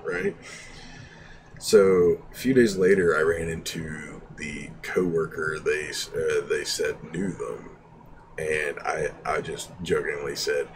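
A man's voice: rumbling low, slow. A young man telling stories on a stream in a casual, rambling way, laughing often and restarting his sentences. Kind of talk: casual storytelling. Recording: distant mic with background noise.

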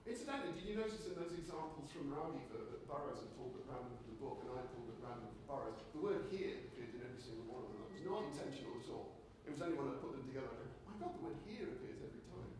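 A man giving a conference lecture, animated and conversational, often restarting his sentences. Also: medium pitch, rapid-fire, hardly any pauses, background noise. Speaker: keynote speaker. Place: lecture hall. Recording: echoey hall, voice from a distance.

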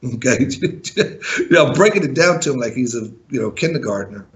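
A man's voice: medium pitch, lively intonation, brisk, fairly bright tone. A man and former music manager telling a story in an interview, blunt and profane, chuckling now and then.

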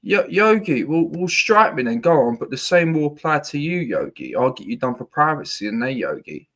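A man's voice: medium pitch, very animated, fairly quick, a bit bright. A man on a livestream, ranting angrily, swearing, taunting and threatening.

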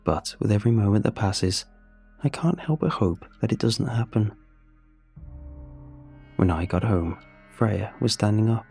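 A man reading a first-person horror story in a steady, measured storytelling voice. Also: fairly low pitch, vocal fry, faint music behind. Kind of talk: scripted horror narration.

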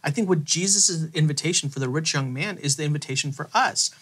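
A man on a faith podcast, retelling a Bible passage in an animated storytelling way and acting out the quoted lines. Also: fairly high pitch, fast, slightly rough. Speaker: theologian co-host.

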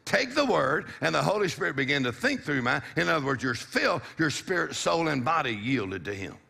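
A man's voice: on the high side, big pitch swings, brisk, vocal fry, bright, forceful tone. A middle-aged man preaching a sermon, exhorting the congregation with call-and-response and a repeated "come on".

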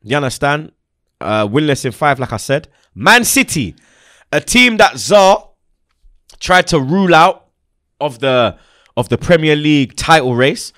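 A young man rants about football in a lively, up-and-down voice, heavy with street slang and emphasis. The sound is dry and close, with no room around it. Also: fairly high pitch, measured pace, dry recording. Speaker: football fan show host. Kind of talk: heated casual football chat.

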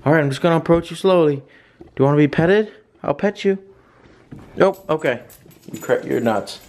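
A man hosts a casual home vlog, chatting to his dog with lively, swooping intonation. Faint noise sits behind his voice. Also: a little high, moderate pace. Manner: animated, baby-talk to the dog with laughs. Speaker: vlogger, dog owner.

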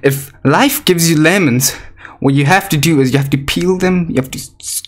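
A man doing gacha summon commentary for a video, excitable, swinging from mock gloom to shrieks, his voice cracking. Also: on the high side, moderate pace. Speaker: gaming YouTuber.

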